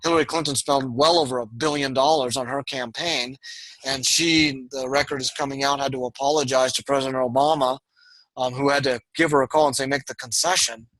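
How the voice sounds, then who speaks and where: A man's voice: medium pitch, fairly even intonation, a little fast, a bit bright, no room sound, poor audio. A man lecturing an online university class in a discursive way, with frequent fillers and restarts.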